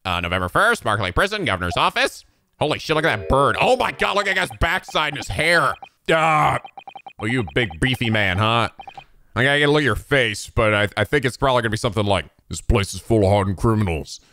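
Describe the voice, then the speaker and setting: A man commenting excitedly on a video game as he plays, swearing and laughing often. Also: mid-range voice, fast. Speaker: let's play host.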